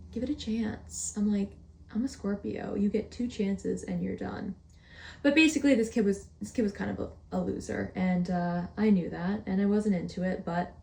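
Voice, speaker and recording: A young woman hosting a podcast, telling a story in a playful, casual way and stretching her words out slowly for effect. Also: mid-range voice, vocal fry, a little mellow, roomy sound. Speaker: podcast host.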